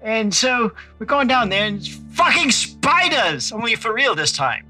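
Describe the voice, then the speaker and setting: A man recapping a tabletop game in casual, profane, animated storytelling. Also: very high voice, moderate pace, soft background music. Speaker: player.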